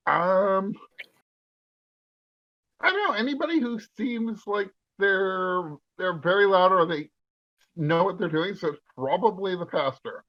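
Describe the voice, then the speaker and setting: A man taking part as a player in a tabletop game, playful and lively. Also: high voice, measured pace. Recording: dull lo-fi sound.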